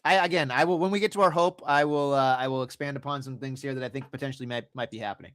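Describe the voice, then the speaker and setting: A man's voice: medium pitch, racing, a bit bright, no echo, clean studio sound. Rambling, profane male podcast co-host. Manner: rambling, profane, restarts often. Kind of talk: casual chat.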